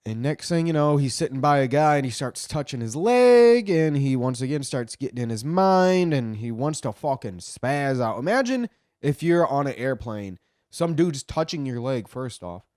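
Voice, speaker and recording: Guy swearing his way through a retelling, mid pitch, restarts a lot, super dry sound. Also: sing-song, moderate pace, darkish tone, no room sound. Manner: profane, rambling, with frequent restarts. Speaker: commentator. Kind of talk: casual retelling commentary.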